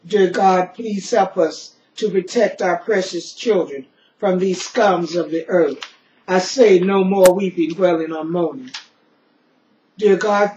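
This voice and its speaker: A woman's voice: fairly low pitch, a little mellow, a little hiss or hum. A middle-aged woman giving a solemn, grieving spoken-word poetry recital, leaning on a repeated refrain. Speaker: poet. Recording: roomy, dull lo-fi recording.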